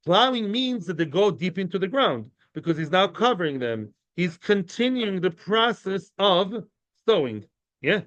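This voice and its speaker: Male Talmud teacher, high voice, dry close sound, animated, voices the sages' argument, glosses terms in passing. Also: unhurried, dry recording, highs cut off. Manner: animated, acts out the sages' debate; mixes in Aramaic and Hebrew terms, explains them. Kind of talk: daily Talmud lecture.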